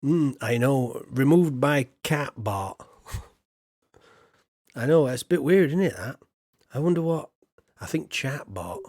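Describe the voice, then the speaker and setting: A man's voice: medium pitch, expressive, takes it slowly, long pauses, darkish tone, no echo, clean studio sound. A man from England, streaming a farming game and chatting casually in a rambling, self-deprecating way with lots of fillers. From Yorkshire, England. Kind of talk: casual chat while playing a game.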